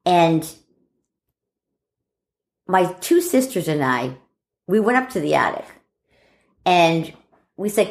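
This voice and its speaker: Middle-aged woman storyteller, low voice with wide swings, echoey room. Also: slow, long pauses. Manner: animated, acts out family members' lines. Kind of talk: casual personal storytelling.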